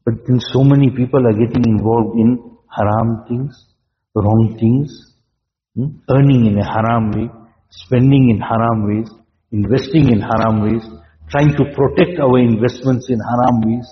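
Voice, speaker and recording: A man delivers an Islamic sermon in a steady, measured voice, pausing for rhetorical questions. His voice echoes with a long tail, as if recorded in a large hall. The sound is dull and lo-fi. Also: medium pitch. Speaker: Islamic preacher.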